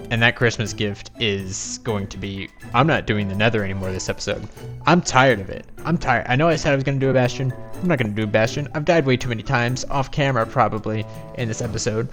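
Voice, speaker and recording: A man in the middle of a gameplay session, griping at his own mistakes in a loose, rambling, self-mocking flow. His voice sits at an ordinary middle pitch. Soft music plays quietly underneath him. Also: brisk. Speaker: video game let's-play host. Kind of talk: casual gameplay commentary.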